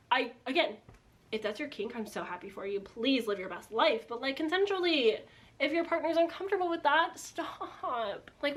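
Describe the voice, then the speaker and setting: A woman's voice: on the high side, fairly bright tone. A young woman casually recapping a book she dislikes, chatty and sarcastic, filling her talk with "like", recorded on a built-in camera mic. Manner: chatty, sarcastic, heavy use of "like". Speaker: book reviewer. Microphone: built-in camera mic, no external microphone.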